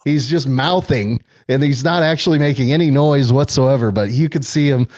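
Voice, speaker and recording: A man's voice: mid-range voice, normal speed, darkish tone, highs cut off, slight background noise. A man telling stories as a guest, chatty with many fillers and frequent laughs. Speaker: guest, former film extra. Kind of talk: casual storytelling.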